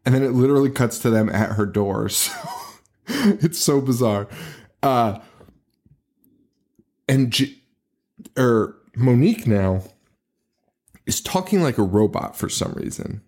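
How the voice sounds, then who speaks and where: A man's voice: mid-range voice, expressive, a little slow, long pauses, darkish tone. A man co-hosting a horror podcast, recapping a movie in casual chat, laughing often and swearing in disbelief. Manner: profane, laughing, incredulous. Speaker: podcast co-host.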